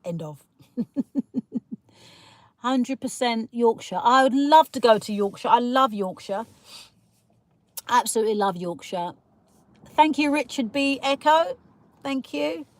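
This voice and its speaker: Sitting in a parked car, a woman from Kent in the south of England chats casually on a live stream, reading viewers' comments, teasing, laughing and calling them darling. Her voice is on the high side and animated, a little slow with long pauses, and there's no room sound.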